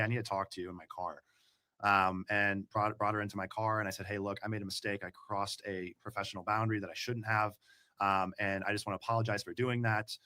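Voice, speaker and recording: Fast-talking man telling a story. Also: lowish voice, pushed and bright. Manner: rambling, many fillers and restarts. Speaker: interview guest. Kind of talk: storytelling in an interview.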